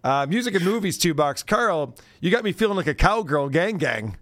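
A man's voice: a little high, very animated, normal speed, a bit bright, no room sound. A man hosting a podcast, reading out paid chat messages in a sarcastic, mocking way and laughing often. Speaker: podcast host.

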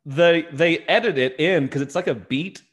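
A man's voice: a little high, moderate pace, fairly bright tone, breathy edge. A man co-hosting a podcast, chatting casually and wryly about a movie. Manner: wry, amused, rambling. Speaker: podcast co-host.

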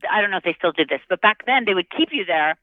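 A middle-aged woman talks on a podcast, animated and chatty, acting out the people in her stories. Her voice sits at a middle pitch and comes through a thin, phone-like line in a dry, close room. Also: fast, no room sound. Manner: animated, acts out other people's lines. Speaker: guest actress. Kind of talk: podcast interview storytelling.

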